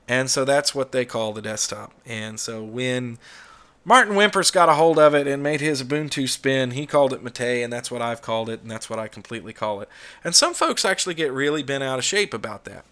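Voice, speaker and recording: A middle-aged American YouTube host with a medium-pitched, bright, pushing voice shares blunt opinions in a casual solo vlog. He swears freely and speaks directly to the camera.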